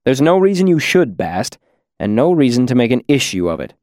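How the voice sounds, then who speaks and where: A man voices a world-weary male innkeeper in a storybook, stern and clipped, with a mid-pitched voice that stays close and dry with no room sound. He speaks in a measured, commanding way. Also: very animated, darkish tone, no room sound, close to an everyday voice.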